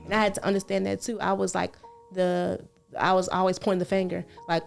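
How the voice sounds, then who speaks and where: A woman's voice: lowish voice, brisk, gravelly, soft background music. Earnest woman, podcast talk. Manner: earnest, repeats phrases, reassuring, animated storytelling. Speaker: podcast co-host. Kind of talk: casual heartfelt podcast chat.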